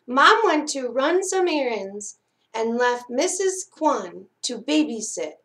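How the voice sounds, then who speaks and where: A woman reading a children's picture book aloud at library storytime, expressive and dropping softer for suspense. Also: a little high, takes it slowly. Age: adult.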